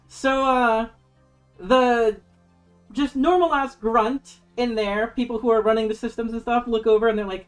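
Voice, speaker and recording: A woman game master running a tabletop game on stream, excitable and casual, cursing freely. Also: a little high, measured pace, soft background music.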